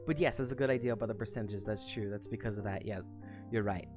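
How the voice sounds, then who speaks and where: A young woman streamer retelling a book in casual chat, profane, rambling and animated. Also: very deep voice, quick pace, music in the background.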